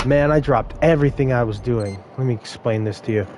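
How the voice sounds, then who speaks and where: A young man telling brash, animated stories about run-ins with customers at his fast food job. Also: mid-range voice, a little hiss or hum. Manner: brash, animated retelling of confrontations. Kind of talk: casual storytelling vlog.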